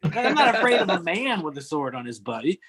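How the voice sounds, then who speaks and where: A man's voice: high-pitched, very animated, brisk, over a noisy crowd. A man doing a stand-up set over a video call, wry and rambling with offhand observational jokes. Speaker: stand-up comedian.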